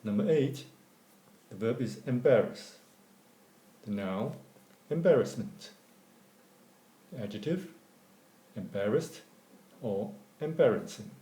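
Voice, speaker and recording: A man narrates a language lesson slowly and deliberately, listing word forms one by one. His voice is mellow and dark-toned, with a middle pitch. The recording carries a noticeable room echo. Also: animated. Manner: measured, deliberate reading of word lists. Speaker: English teacher. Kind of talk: slow scripted lesson narration. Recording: echoey room.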